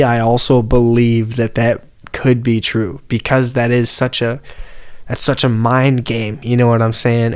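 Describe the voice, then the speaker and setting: A man with a smooth, resonant voice talks casually as a podcast guest, swearing freely as he rambles through a story. His pitch sits in an ordinary middle range. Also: a little mellow. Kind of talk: casual chat.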